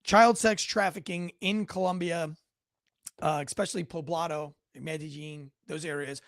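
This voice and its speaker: A man's voice: fairly high pitch, steady tone, normal speed, no room sound, clean studio sound. A man hosting a casual news commentary show from home, rambling with sarcastic asides and frequent self-corrections.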